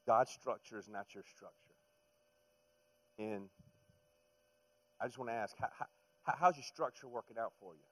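A middle-aged man delivering a sermon in a mid-range voice. He talks conversationally, sinking to near-hushed lines and then climbing into loud, emphatic runs. He stumbles over and repeats his words as he presses his points. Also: medium pitch, moderate pace, long pauses, poor audio. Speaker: pastor.

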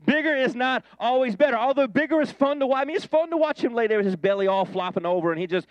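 A man preaching in a playful, conversational way, slipping into little character voices for the people in his story. His voice sits on the higher side, and the sound is dry and close with no room echo. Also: racing, highs cut off. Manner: animated, jokey, acts out voices of biblical figures. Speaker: pastor. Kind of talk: sermon.

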